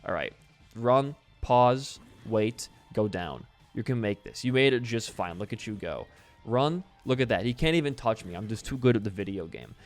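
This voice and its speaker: A man's voice: on the low side, lively intonation, normal speed, soft background music. A young adult man talking through a video game while telling a story, in a chatty, rambling way with casual swearing. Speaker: gaming video host. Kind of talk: casual let's-play commentary mixed with storytelling.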